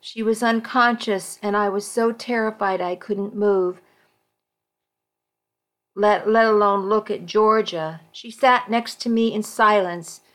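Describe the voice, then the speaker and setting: A woman narrating a story aloud in first person, slow and careful, now and then correcting herself. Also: mid-range voice, fairly bright tone.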